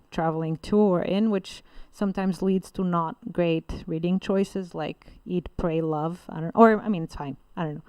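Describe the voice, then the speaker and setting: Chatty Bulgarian woman, smooth dry voice. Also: mid-range voice, darkish tone, no room sound. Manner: rambling, many fillers and restarts. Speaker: guest writer and literary translator. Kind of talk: casual interview talk.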